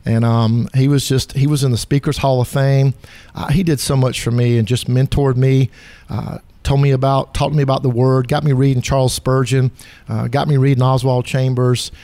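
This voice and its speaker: A man's voice: medium pitch, little pitch movement, moderate pace, mellow, dry recording. A middle-aged man from South Carolina with a Southern accent, speaking as a guest author in a casual interview, folksy, earnest and self-deprecating. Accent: Southern American.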